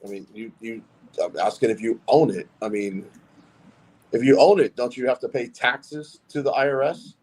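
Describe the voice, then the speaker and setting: A man's voice: mid-range voice, fairly even intonation, moderate pace, a little mellow, low-quality recording. A man on a live call-in show, pressing the same question again and again. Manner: persistent, repeats himself, presses for answers. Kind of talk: heated live call-in debate.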